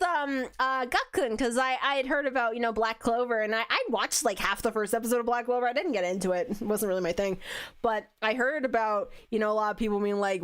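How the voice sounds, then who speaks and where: A high-voiced woman streamer chats casually into a desk mic while wearing headphones. Her voice leaps up and down as she gushes, giggles often and says "like" constantly. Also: expressive, brisk, a bit bright, smooth. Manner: giggly, gushing, heavy use of "like". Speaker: virtual streamer. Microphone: headphones and desk microphone.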